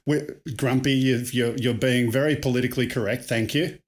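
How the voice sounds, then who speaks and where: A man's voice: mid-range voice, steady tone, a little fast. A man co-hosting a live stream, asking the guest questions and joking casually. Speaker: co-host.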